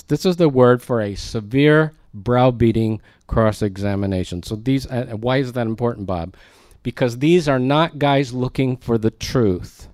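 A man's voice: mid-range voice, darkish tone, no echo. A man preaching a verse-by-verse sermon in a conversational way, with joking asides to his congregation. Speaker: pastor. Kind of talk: expository sermon.

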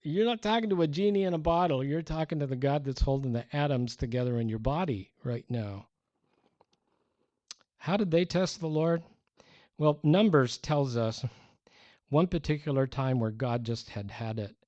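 A man preaching a sermon as a pastor, conversational and animated, acting out the people he quotes. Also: mid-range voice, moderate pace, no room sound, muffled recording.

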